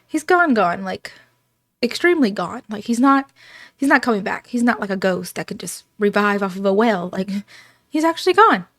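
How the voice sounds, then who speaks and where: A woman's voice: mid-range voice, animated, normal speed, fairly bright tone, no room sound, clean studio sound. A woman voicing a grieving young girl. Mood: upset. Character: grieving teenage girl, shaken and confused.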